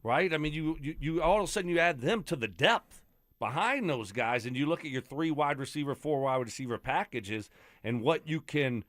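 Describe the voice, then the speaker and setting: A man's voice: fairly high pitch, lively intonation, normal speed, fairly bright tone, no echo, studio quality. A man co-hosting a sports radio show, talking casually through his thoughts. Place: radio studio.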